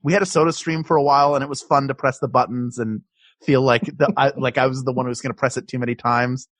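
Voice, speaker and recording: A man with a husky, slightly breathy voice and a mid-range pitch, co-hosting a podcast from home. He talks in a loose, rambling way, restarting his sentences and laughing often. The sound is dry and close. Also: steady tone, fast, a bit bright, no echo. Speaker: podcast co-host. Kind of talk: casual chat. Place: his home, recording remotely.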